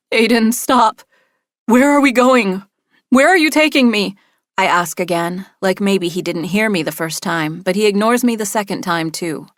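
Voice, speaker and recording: A woman's voice: medium pitch, no room sound, clean studio sound. A woman reading a first-person thriller audiobook in a tense, urgent style. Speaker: audiobook narrator.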